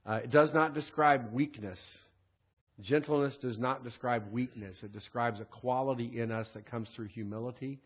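Speaking at an ordinary pitch, a man gives a relaxed, conversational Bible lesson, often checking in with a quick "right?" His delivery is broken by frequent throat clearing and restarts, and the recording has a slightly dull, lo-fi quality.

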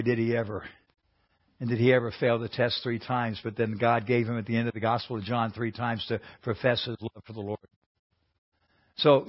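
A man teaching a Bible class in an earnest, conversational way, often restarting his sentences. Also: medium pitch. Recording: dull lo-fi recording.

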